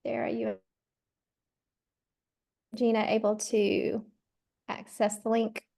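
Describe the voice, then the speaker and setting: A middle-aged woman from Georgia speaks with a Southern accent, slightly high-pitched. She leads a workshop over a video call in a friendly, chatty way, with plenty of fillers. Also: level tone, slow, vocal fry, warm tone. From Georgia, USA. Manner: friendly, many ums and uhs, says y'all. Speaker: charter school consultant leading a workshop. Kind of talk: virtual workshop presentation.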